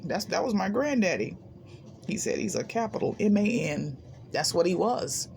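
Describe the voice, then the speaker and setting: Animated woman sharing a spiritual monologue. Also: mid-range voice, normal speed, gravelly, a little hiss or hum. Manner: animated, emphatic, laughs often. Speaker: self-help channel host.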